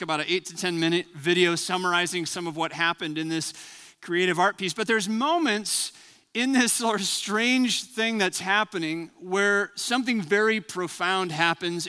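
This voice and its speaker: A man's voice: high voice, sharp tone, smooth, in a large hall. A man preaching as a pastor, praying and then telling a story in an earnest, reflective way. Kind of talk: sermon.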